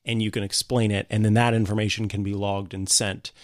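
A man co-hosting a podcast, talking about tech in a thoughtful, halting way with fillers. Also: lowish voice, flat delivery, no echo, studio quality. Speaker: podcast co-host. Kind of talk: casual tech chat.

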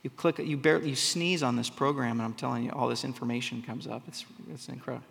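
A man's voice: mid-range voice, fairly even intonation, fast, vocal fry, a bit bright. A man giving a sermon, reading scripture aloud and explaining it in casual, conversational asides. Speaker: preacher. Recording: long hall reverb.

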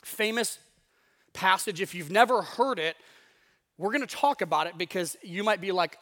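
Man, pastor, sermon, high voice, conversational, emphatic, restarts phrases. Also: animated, normal speed, a bit bright.

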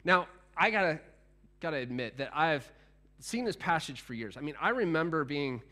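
A man preaching a sermon in a conversational, animated way, with frequent restarts and asides to the congregation. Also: a little high, moderate pace. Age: adult, past teenage years. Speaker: pastor.

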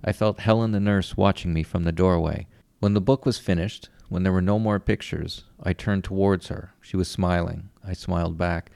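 Deep, gravelly male storyteller. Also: fairly even intonation, moderate pace, a little mellow, no room sound. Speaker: narrator. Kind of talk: first-person story narration.

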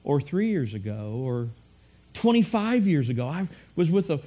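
A man's voice: a little high, sing-song, moderate pace, warm tone. A middle-aged man preaching a sermon in a conversational way, repeating phrases and acting out quotes. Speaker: pastor.

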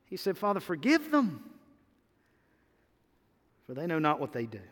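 A man delivers a sermon with a high-pitched voice that climbs to emphatic peaks and settles into quieter stretches. His words trail into the long reverb of a large hall. He speaks as a pastor to his congregation. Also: a little slow. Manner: energetic preaching, rising to emphatic peaks and dropping to quiet asides.

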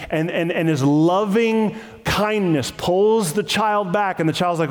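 A man's voice: sits high, a little slow, hardly any pauses. A man who is a pastor, preaching a sermon with impassioned, repetitive emphasis. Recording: hall reverb.

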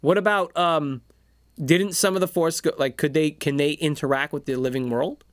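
A man co-hosting a casual comedy podcast, joking and jumping into high silly voices to act out scenes. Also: fairly even intonation, normal speed, dry recording, clean studio sound. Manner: jokey, bursts into high silly voices when acting out scenes. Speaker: podcast co-host.

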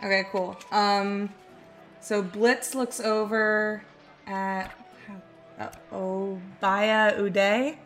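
A woman's voice: mid-range voice, flat delivery, extremely slow, fairly bright tone, faint music behind. Woman player, hesitant and giggly. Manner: hesitant, with many fillers and laughs. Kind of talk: casual tabletop play.

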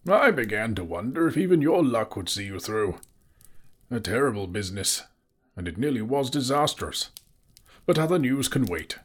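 A man voicing an old, wounded male wizard who speaks with warmth and gravity. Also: medium pitch, sing-song, moderate pace, husky, voice pushed up. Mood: relieved.

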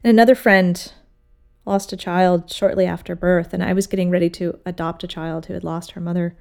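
A woman sculptor talks through her work in a casual interview. She tells her stories in an animated way and slips into the voices of the people she quotes. Her tone is lively. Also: on the low side, fairly quick, creaky. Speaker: sculptor, guest.

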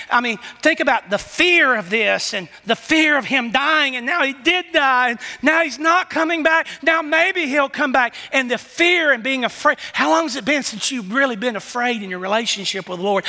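High, bright-voiced preacher in a reverberant hall. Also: male voice. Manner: animated, swings from hushed questions to shouted emphasis. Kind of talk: sermon.

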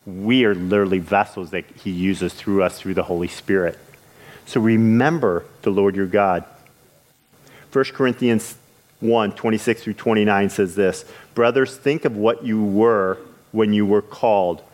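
A man with a fairly low voice preaches a sermon in an earnest way. He stops and restarts now and then, and his voice rises with energy as he retells scripture scenes.

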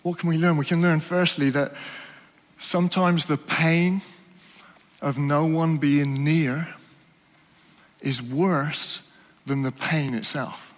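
A man preaching a sermon in a church, earnest and questioning, often dropping to soft, slow emphasis. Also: on the high side, fairly even intonation, big-room sound.

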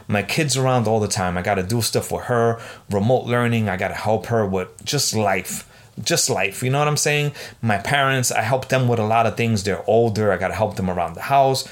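A man of about forty hosting a solo podcast, telling stories in an exasperated, profane rant. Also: medium pitch. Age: 40s. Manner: swearing, exasperated storytelling. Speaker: podcast host.

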